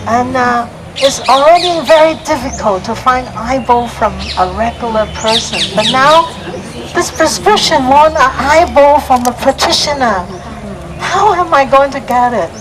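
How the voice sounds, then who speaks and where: A woman's voice: sits high, animated, pitched above the performer's own voice. A woman voicing a despairing young man who halts and laments, in a noisy outdoor recording. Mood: sad. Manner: halting, lamenting. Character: sobbing despairing young man, a disguised heavenly king.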